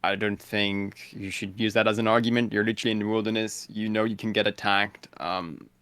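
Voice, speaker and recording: A man's voice: on the low side, little pitch movement, a little fast, a bit bright, clear, resonant tone, no echo. A man chatting casually on a podcast, laid-back and blunt, with many "like" fillers. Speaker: guest streamer.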